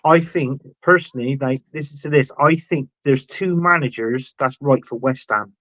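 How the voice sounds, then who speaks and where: A man's voice: medium pitch, normal speed, sharp tone, no room sound. Guy with lots of ums, muffled lo-fi sound, dead dry, talking football picks. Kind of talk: casual football chat over a call. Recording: dry, dull lo-fi call audio.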